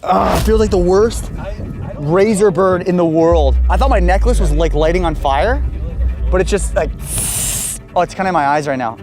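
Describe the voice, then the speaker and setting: A man's voice: high voice, normal speed, music in the background. A young man vlogging a tough fitness challenge, talking energetically and swearing when it hurts. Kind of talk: fitness challenge vlog with voice-over.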